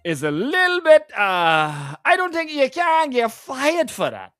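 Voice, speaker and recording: A high, very lively man hosts a morning radio show from the studio. He tells stories with animated voices for the people in them. The sound is dry and close, with faint music underneath. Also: measured pace, clean tone, no room sound. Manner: animated storytelling, drops into voices for quoted people. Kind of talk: casual radio banter.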